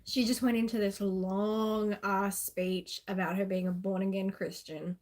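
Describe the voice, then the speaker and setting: A woman's voice: medium pitch, steady tone, a little slow, a little mellow. A woman with an Australian accent chatting casually and sarcastically on a live stream, laughing often.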